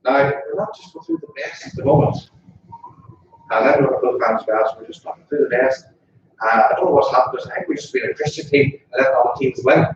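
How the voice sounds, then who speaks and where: A man with a Northern Irish accent gives a relaxed, joking funeral eulogy in a funeral parlour chapel, throwing questions back to the mourners. His mid-pitched voice is caught from a distance, so it sounds far from the mic and muffled. The room around him echoes heavily. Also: fast, crowd noise. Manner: chatty and jokey, asking the mourners questions. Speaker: funeral officiant.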